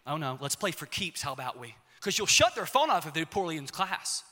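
Young guy preaching, high bright voice, goes from yelling to hushed, long hall echo. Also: big pitch swings, a little fast. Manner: passionate, swings from shouting to hushed. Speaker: pastor. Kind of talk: sermon. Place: church auditorium. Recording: long reverb of a large hall.

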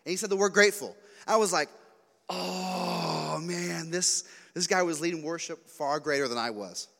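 A man preaching a youth sermon, telling animated stories, acting out quotes and joking along the way. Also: fairly high pitch, fast talker. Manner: animated storytelling, acts out quotes, jokey asides. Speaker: youth pastor. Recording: long hall reverb.

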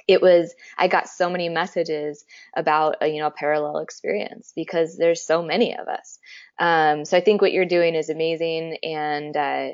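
A woman with a fairly low voice talks in a casual, effusive way, piling up praise and stories. Her voice sounds dry and close. The recording is a little dull and lo-fi. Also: dry recording. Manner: chatty, effusive, swears casually. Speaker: photographer and teacher. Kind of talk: casual conversation.

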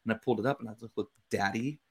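A man's voice: lowish voice, level tone, racing, vocal fry, husky. A man who is a father and race crew chief, chatting as a podcast guest and retelling conversations word for word. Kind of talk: casual podcast chat.

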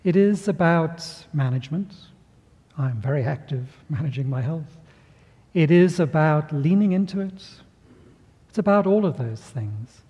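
A man's voice: on the high side, breathy edge, muffled recording. Man preaching in a reverberant hall. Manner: storytelling with acted voices, measured pauses. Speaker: pastor. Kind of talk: sermon.

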